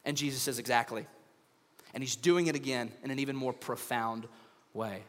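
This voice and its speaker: An American pastor gives a humorous sermon from a church stage, animatedly telling stories and acting out the voices. His mid-range voice moves at a moderate pace, with a big-room sound.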